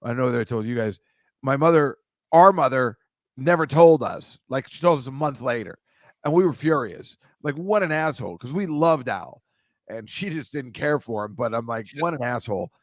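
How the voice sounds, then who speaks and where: A man's voice: medium pitch, animated, normal speed, dry recording, clean studio sound. Chatty middle-aged male podcast host. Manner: chatty, rambling, jokey asides to the chat. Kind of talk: casual livestream chat with viewers.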